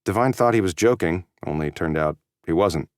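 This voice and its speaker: Low voiced guy reading an audiobook, steady and measured, dry close mic. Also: clear, resonant tone, dry recording. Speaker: audiobook narrator. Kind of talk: scripted narration.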